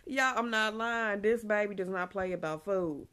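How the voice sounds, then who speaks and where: A woman's voice: a little high, unhurried, fairly bright tone. A young woman, chatting casually in a pregnancy vlog, a bit out of breath, laughing often. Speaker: vlogger.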